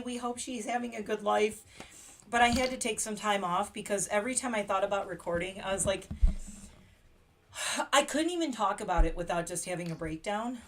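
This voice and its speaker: A woman's voice: mid-range voice, moderate pace, slight background noise. A middle-aged woman from Pennsylvania, hosting a casual livestream chat, rambling and laughing often. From Pennsylvania, USA. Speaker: livestream host.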